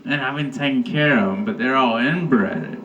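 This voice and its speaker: A man's voice: mid-range voice, normal speed, a bit bright, far from the mic, dull audio. A man doing a stand-up comedy set, telling rambling, profane stories.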